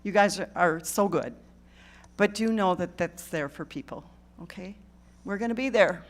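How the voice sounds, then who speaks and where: A woman's voice: medium pitch, expressive, normal speed. A woman giving a live talk to a church congregation, earnest and direct, often checking in with the listeners. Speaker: guest speaker at a church.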